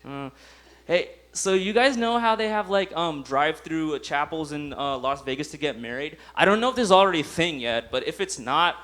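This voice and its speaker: A man's voice: on the high side, moderate pace, a bit bright. A young man performing a stand-up comedy set, laughing at his own jokes and acting out voices. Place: comedy club stage.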